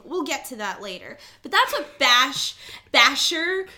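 A young woman co-hosts a casual podcast chat, talking animatedly and cursing freely. Her voice sits high and has a bright, sharp edge. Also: a little slow. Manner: animated, swearing, acts out characters' lines. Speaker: podcast co-host. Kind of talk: casual movie recap chat.

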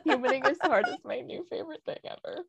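A woman's voice: sits high, huge pitch swings, fast talker, background noise. A woman co-hosting a podcast, telling a story in a wry, casual way with frequent laughs. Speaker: podcast co-host.

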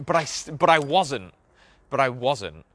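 A young man with a bright, sharp-edged voice talks through a casual podcast monologue. His delivery is loose and rambling, thick with filler words and swearing, at an ordinary mid pitch. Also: lively intonation, unhurried. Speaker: podcast host.

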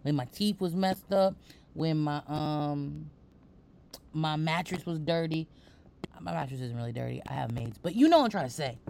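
A woman's voice: deep voice, expressive, moderate pace, gravelly, dark tone, a little hiss or hum. A woman hosting a podcast in casual chat, playful and teasing, talking with lots of energy. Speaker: podcast host.

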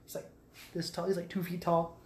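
A man's voice: high-pitched, monotone, brisk, a little hiss or hum. A man co-hosting a podcast, recapping a movie in a rambling, profane, casual way. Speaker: podcast co-host. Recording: echoey room.

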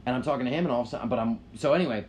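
A man's voice: mid-range voice, very fast, a little mellow, a little hiss or hum. Rambling, foul-mouthed male podcast storyteller. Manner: rambling, profane, frequent "like" fillers. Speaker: podcast co-host. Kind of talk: casual storytelling chat.

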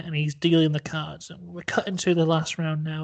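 A young man spins a silly story for his podcast in a mock-dramatic, playful way. His voice sits a little high for a man. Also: level tone, moderate pace, creaky, few pauses. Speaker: podcast host. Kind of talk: comedic storytelling.

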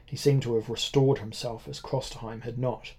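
A man narrating a first-person adventure novel in a measured way. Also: medium pitch, steady tone, warm tone, breathy edge. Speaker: audiobook narrator. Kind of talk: scripted narration.

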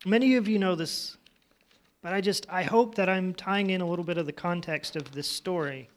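A high-voiced man tells children a Bible story in a loose, chatty style, putting the scenes in his own words and frequently asking the kids questions. He speaks at a moderate pace.

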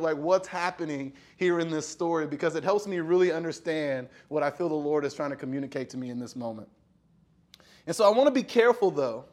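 A young adult man from Texas giving a sermon in a casual storytelling way, acting out quotes and using lots of fillers. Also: a little high. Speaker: pastor.

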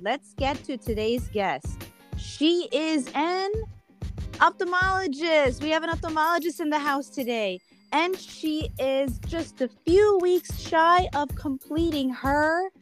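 Bubbly high-voiced woman host. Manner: upbeat, enthusiastic. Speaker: host, optometrist. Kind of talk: casual interview chat.

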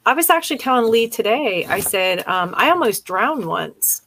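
A woman's voice: on the high side, sing-song, moderate pace, a bit bright, a little hiss or hum, poor audio. An older woman from Pennsylvania, chatting casually and telling a long personal story with many fillers and restarts. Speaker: conversation partner. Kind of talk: casual chat.

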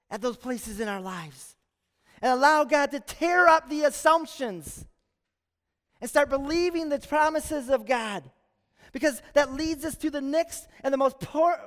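High-voiced male pastor in a reverberant church. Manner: lively storytelling with humor, acting out quotes. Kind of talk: sermon. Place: church sanctuary.

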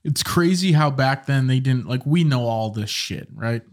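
A man's voice: mid-range voice, lively intonation, normal speed. A young man co-hosting a casual podcast who rambles through jokes and imagined scenes. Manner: joking, rambling storyteller with mild swearing. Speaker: podcast co-host.

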